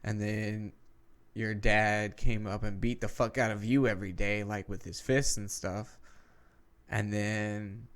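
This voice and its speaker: Guy on a podcast thinking out loud, lots of uh and like, kinda hesitant, cusses casually. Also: on the low side, steady tone, unhurried. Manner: rambling, hesitant, profane. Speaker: podcast co-host.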